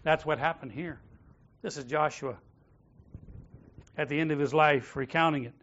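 A man's voice: a little high, steady tone, moderate pace, a bit bright. A man preaching a sermon, asking the congregation questions and getting them to repeat phrases to their neighbor. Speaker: pastor. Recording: dull lo-fi sound.

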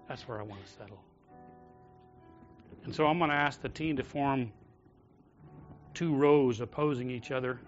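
A pastor preaching a sermon in a church, rising to loud calls and dropping to soft, prayerful tones. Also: male voice, mid-range voice, moderate pace, long pauses, highs cut off, soft background music. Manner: swings from loud exhortation to soft intimate prayer. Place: church sanctuary.

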